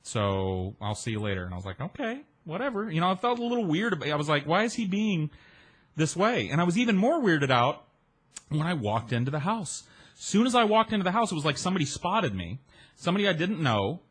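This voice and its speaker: A man's voice: a little high, quick pace, husky. A man casually telling a long story about a party, acting out the other people's lines and swearing freely along the way. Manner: animated, acts out voices of people he met; swears freely, chatty and self-mocking.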